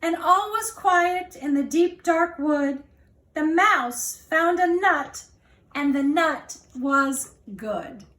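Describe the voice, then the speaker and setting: A woman reading a children's picture book aloud in a slow, expressive storyteller's manner. Her voice is high and unhurried. The recording has a roomy echo.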